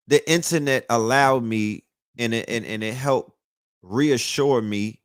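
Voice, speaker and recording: A man's voice: medium pitch, a little slow, clean tone, no room sound, studio quality. A man hosting a show, ranting in a loose, profane, emphatic monologue that is full of restarts. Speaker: podcast host. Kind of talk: casual monologue.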